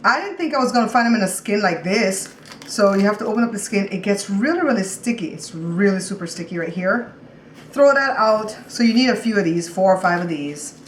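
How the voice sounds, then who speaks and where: A woman with a medium-pitched voice and lively intonation, talking a little fast over a slight hiss or hum, hosts a home cooking show. She's casual, chatty and repetitive, repeating words and calling her viewers "guys."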